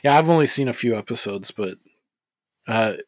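A man's voice: medium pitch, lively intonation, moderate pace, dry recording. Laid-back swearing man, dry sound. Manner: swears freely, laughs easily. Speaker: podcast co-host. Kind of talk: casual chat.

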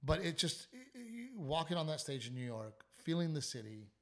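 A man's voice: a little high, normal speed. Sick, sleepless man telling a story. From South Texas. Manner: animated, swearing, trailing restarts. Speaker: comedian and podcast host. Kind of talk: casual storytelling chat.

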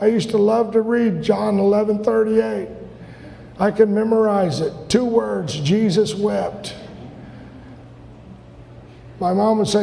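Fervent high-voiced preacher man, gravelly. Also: steady tone, slow, long pauses. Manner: fervent preaching, often shouting. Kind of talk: sermon. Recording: long reverb of a large hall.

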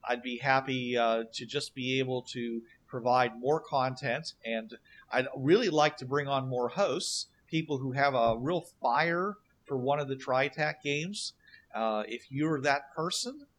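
A man's voice: mid-range voice, measured pace, a bit bright. A man co-hosting a gaming podcast, talking casually with many fillers and restarts. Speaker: podcast co-host.

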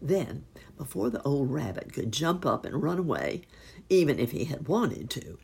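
A woman reading a children's storybook aloud, with expressive, unhurried storytelling. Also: sits low, vocal fry, slightly rough. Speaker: narrator.

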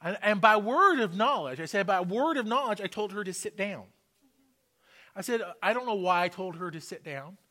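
Preaching from a church sanctuary, a man tells his testimony and hammers his points through repeated, emphatic exhortation. His voice sits high and sounds animated, bright and forceful, moving at a moderate pace.

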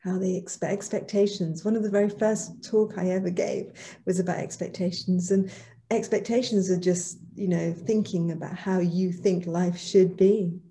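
Mellow, low-voiced woman speaker. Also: fairly even intonation. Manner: measured, affirming. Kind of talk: reflective conversation.

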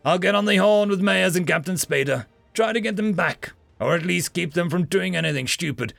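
A man voicing a brisk woman military officer who gives orders in a firm, dry way. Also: high voice, creaky, fairly bright tone, dry recording, faint music behind, pitched above the performer's own voice, heavily acted.

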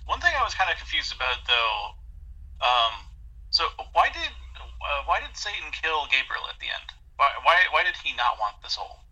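Bright-voiced, hesitant male podcast co-host. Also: fairly high pitch, big pitch swings, normal speed, dull audio. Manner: thoughtful, hesitant, fillers like "like" and "um". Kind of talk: casual movie discussion.

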